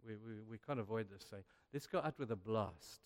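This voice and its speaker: In a lowish voice and at a fairly quick clip, an older man tells stories during a sermon, acting out the lines with escalating energy and an animated, rising delivery. Long reverb from a hall fills the recording.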